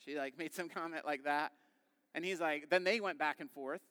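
A man in his thirties preaching a sermon in a relaxed, conversational way, acting out quick quoted voices as he tells stories. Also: a little high, smooth. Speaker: pastor. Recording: long reverb of a large hall.

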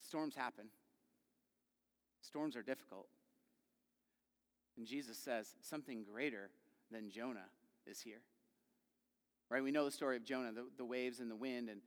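A man preaching a sermon in a conversational way, asking the congregation questions and acting out quoted voices with big swings in loudness. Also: mid-range voice. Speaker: pastor. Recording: long hall reverb.

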